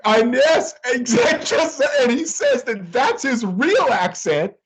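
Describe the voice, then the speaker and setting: A man co-hosting a casual wrestling podcast, talking in an animated, joking way with plenty of swearing. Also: extremely high pitch, slow pace, breathy edge, low-quality recording. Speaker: podcast co-host.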